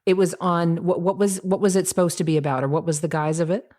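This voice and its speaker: Woman interview host, slightly low voice, chatty and loose. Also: fairly even intonation, fast, darkish tone. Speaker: podcast host. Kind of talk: casual interview chat.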